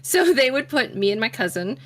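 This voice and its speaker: A woman casually sharing a story in a relaxed, chatty way. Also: on the high side, fairly quick. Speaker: team member sharing a memory.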